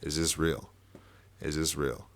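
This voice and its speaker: A young man with a very low voice tells a long personal story in a relaxed podcast conversation. He leans on fillers, swears freely and laughs as he talks. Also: measured pace. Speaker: podcast guest. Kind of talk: casual storytelling chat.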